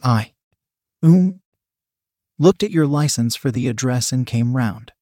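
A man voicing a shy young woman, halting and tongue-tied. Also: mid-range voice, expressive, dark tone, no echo, studio quality. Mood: nervous.

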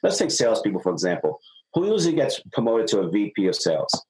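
A middle-aged man, a sales consultant being interviewed on a podcast, explaining ideas and acting out stories with lively dialogue. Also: on the low side, quick pace, slight background noise, rough recording. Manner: animated storyteller, acts out dialogue.

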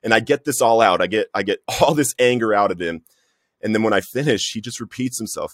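A man's voice: on the low side, steady tone, fast talker, fairly bright tone, no room sound, clean studio sound. A man giving an earnest, emotional personal testimony in conversation, often calling the listener "bro". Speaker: guest sharing recovery story.

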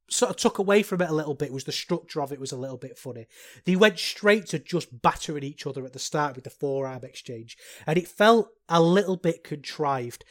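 A chatty voice talking through a wrestling match alone, casual and conversational. The talk wanders off into asides and self-mocking remarks, with a middle-of-the-road pitch. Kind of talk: solo casual review podcast.

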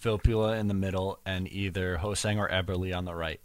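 Low-voiced male podcast co-host, blunt and opinionated, dry close sound. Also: steady tone, fairly quick, dry recording. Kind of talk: casual hockey chat.

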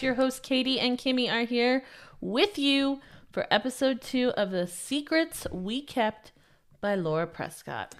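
A woman in her thirties, co-hosting a podcast and chatting casually about books, bubbly and quick to laugh. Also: on the high side. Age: 30s. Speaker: podcast co-host. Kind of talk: casual book chat.

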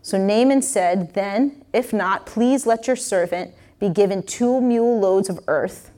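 A woman's voice: mid-range voice, measured pace, dark tone. A woman preacher reading a scripture passage aloud and explaining it in a casual, conversational way with frequent restarts.

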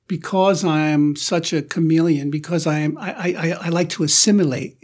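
A man with a softened New Jersey accent, a guest in a studio interview, telling stories with a laugh. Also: on the high side, brisk, slightly rough. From Newark, New Jersey. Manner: laughing, animated storyteller.

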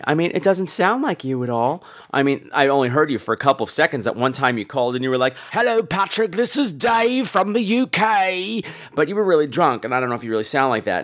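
A man hosting a podcast, telling a story in an animated, profane way in a casual monologue. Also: medium pitch. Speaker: podcast host.

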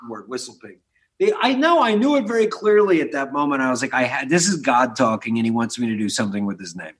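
A man in his forties, originally from Philadelphia, talks as a guest on an interview show. He tells his stories in a lively, rambling way, restarting his sentences and swearing now and then. His voice is mid-pitched and ordinary. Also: fast, slightly rough. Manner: animated, swears casually, many restarts. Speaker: podcast guest, spirits entrepreneur. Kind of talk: casual storytelling interview.

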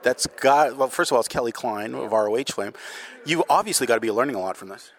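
A man's voice: mid-range voice, expressive, quick pace. A man with a Canadian accent, interviewing a guest in a friendly, joking way. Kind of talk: casual interview.

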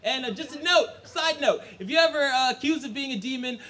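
A young adult man telling a personal story live, animated and laughing, acting out voices. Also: extremely high pitch, brisk, hardly any pauses.

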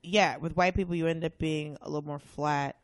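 Animated woman telling a story, dry mic. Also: sits low, brisk, no room sound. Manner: animated, acts out other people's voices. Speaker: podcast guest. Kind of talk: casual storytelling chat.

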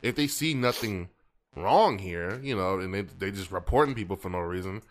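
A man's voice: low voice, animated, normal speed. A man co-hosting a casual podcast, talking in a loose, rambling, slangy way. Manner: loose, rambling, slangy, reads chat aloud. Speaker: podcast co-host. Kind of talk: casual chat.

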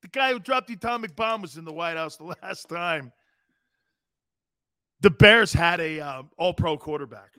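A middle-aged man from Connecticut hosting a sports radio show, loud and rambling, laughing and doing voices for his stories. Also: on the high side, lively intonation, normal speed, dry recording, clean studio sound. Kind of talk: animated sports talk.

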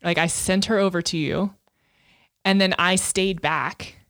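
A woman in her thirties co-hosts a podcast, speaking openly and emotionally in a lowish, steady, somewhat bright voice. She's unhurried, laughs often, and uses lots of fillers in this candid casual chat.

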